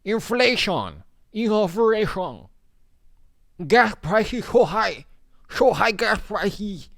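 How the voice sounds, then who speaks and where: A man voicing an angry male ranter shouting in exaggerated outrage. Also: sits high, very animated, very slow, vocal fry, no room sound, clean studio sound, voice pushed up, full character voice. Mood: outraged.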